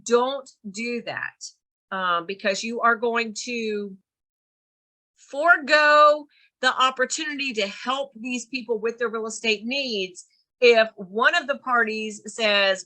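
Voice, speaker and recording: A woman with a Southern US accent lecturing a real estate class. Her voice sits a bit high and sounds bright and forceful. She drives each point home with emphatic repetition. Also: takes it slowly. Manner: emphatic, repeats points, laughs occasionally. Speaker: real estate course instructor. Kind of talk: continuing-education lecture.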